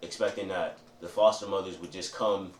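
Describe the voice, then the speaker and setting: A man's voice: sits low, steady tone, a little fast. A young man telling a candid story about his childhood, rambling, repeating himself and often asking "you know what I mean". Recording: roomy echo, voice from a distance, faint ambient noise.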